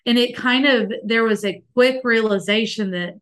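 A woman's voice: on the high side, moderate pace. A woman, likely in her thirties, telling a guest in an interview her emotional personal faith story, earnest and full of restarts. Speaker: podcast guest.

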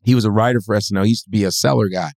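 A male comedian guest telling profane, animated stories in a casual podcast chat. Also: on the low side, racing, gravelly, dry recording, studio quality.

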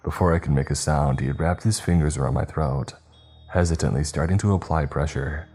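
A man narrating a first-person horror story in a measured, tense manner. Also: a bass voice, mellow, husky. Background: faint music.

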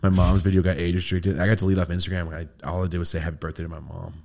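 Picture a man with a fairly low voice hosting a loose podcast. He tells a rambling, profane story, drops into hushed asides, then bursts into loud, high-pitched quotes. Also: little pitch movement, very fast, creaky. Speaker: podcast host. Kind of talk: casual podcast chat.

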